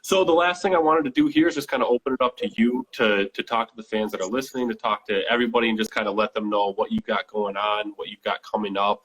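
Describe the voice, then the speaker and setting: A man hosting an interview, asking questions in a measured, thoughtful way and circling back over his words. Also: fairly low pitch, steady tone, a bit bright, slightly rough, rough recording. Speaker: interview host.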